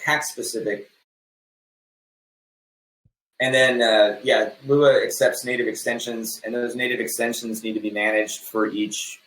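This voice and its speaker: Man, low voice, halting tech-talk speaker, echoey room. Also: fairly bright tone. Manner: halting, many fillers and restarts. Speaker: conference speaker. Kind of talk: technical talk, loosely spoken.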